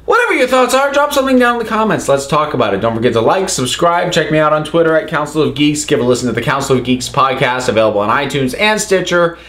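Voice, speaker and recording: A woman hosting a video rant, exasperated and incredulous, often shouting questions. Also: low-pitched, big pitch swings, fast, few pauses, echoey room. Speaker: host.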